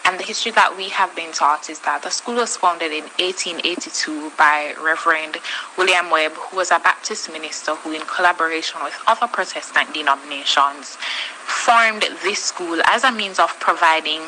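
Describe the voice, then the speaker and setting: A woman, a former student speaking in a measured way for a vox pop. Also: low voice, pushed and bright, a little hiss or hum, poor audio.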